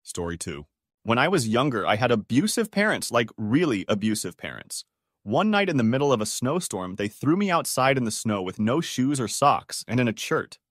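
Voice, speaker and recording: A man's voice: medium pitch, very animated, moderate pace, dry recording. Man narrating stories in a dry voice. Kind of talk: scripted narration of reader-submitted stories.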